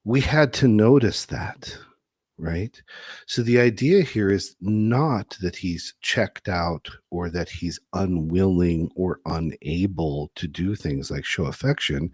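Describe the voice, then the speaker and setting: A man who hosts a podcast and works as a couples therapist, telling a case story in a conversational, animated way. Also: sits low, breathy edge, no echo, studio quality. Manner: animated, laughing easily.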